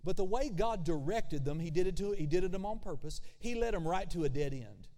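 A man preaching a sermon as pastor, animated, with conversational asides and acted-out voices. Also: sits high, brisk. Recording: long hall reverb.

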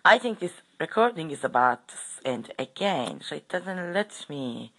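A woman with a very low voice telling a personal story in a casual, unscripted way. She often hesitates and corrects herself mid-sentence. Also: sing-song, normal speed, fairly bright tone, husky. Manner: hesitant, with fillers and self-corrections.

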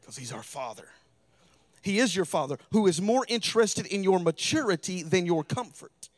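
A middle-aged man with a Southern US accent preaching a sermon in a church, building to fervent shouted peaks. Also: high voice, animated, normal speed. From American South. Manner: preaching with rising fervor and shouted climaxes. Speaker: pastor.

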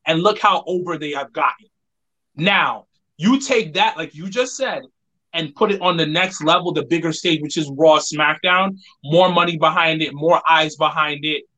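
A man with a bright, forward voice co-hosts a casual podcast. He tells stories, restarting his sentences quickly as he goes. His pitch sits a bit high. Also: poor audio. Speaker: podcast co-host. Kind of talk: casual chat.

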